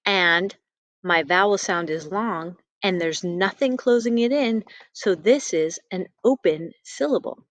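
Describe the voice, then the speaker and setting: A woman's voice: fairly low pitch, measured pace, no echo. A woman teaching a phonics lesson to young children, patient and sing-song on key words.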